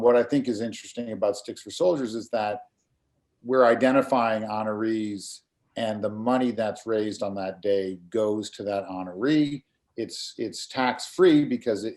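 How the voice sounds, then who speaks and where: Earnest, halting middle-aged man. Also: on the low side, a little mellow. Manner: earnest, halting, often repeating words as he gathers thoughts. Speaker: graphic designer and community volunteer. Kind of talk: casual talk in an online community meeting.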